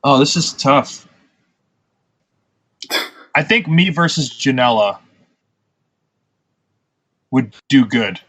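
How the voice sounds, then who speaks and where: A man's voice: medium pitch, animated, slow pace, pauses often, a bit bright. A man, a pro wrestler, talking in casual podcast chat, blunt and profane, telling stories with irritation. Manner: blunt, profane, ranting storyteller.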